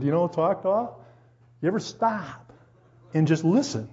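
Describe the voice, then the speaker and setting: A man with a slightly high voice preaches quickly to a congregation in a church hall, and the recording is lo-fi. He's animated, sharing personal stories and firing questions straight at his listeners.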